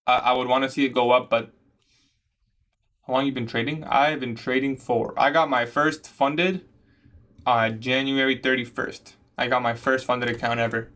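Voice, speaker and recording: A young man from Canada casually chatting on a trading livestream, answering viewer questions in a relaxed, slangy way. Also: mid-range voice, normal speed. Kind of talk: casual livestream chat reading comments.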